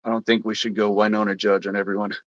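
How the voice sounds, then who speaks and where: A man's voice: fairly low pitch, little pitch movement, fast talker, dry recording, muffled recording. A man chatting casually in a group call, hesitant with fillers and self-corrections.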